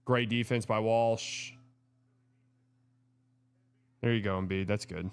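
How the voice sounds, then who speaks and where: A man hosting a live watch party, reacting excitably to plays and chatting between them. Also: fairly low pitch, normal speed, clear, resonant tone, dry recording. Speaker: show host.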